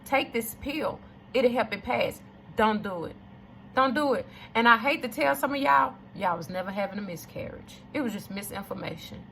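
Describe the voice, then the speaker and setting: A woman's voice: fairly high pitch, moderate pace, vocal fry, bright, forceful tone, a little hiss or hum. A woman, telling a personal story to viewers in an emphatic, preachy way and repeating lines for emphasis. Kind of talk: casual testimony to camera.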